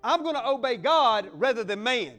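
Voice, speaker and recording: Fiery high-voiced male preacher. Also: expressive, normal speed, a bit bright, soft background music. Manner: fiery, exuberant preaching with whoops and acted-out little scenes. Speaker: pastor. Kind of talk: sermon.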